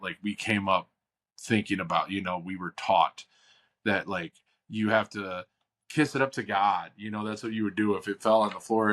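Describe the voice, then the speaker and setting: A man from Chicago hosts a casual podcast chat, rambling easily with slangy asides. His voice sits on the low side. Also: fairly bright tone. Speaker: podcast host.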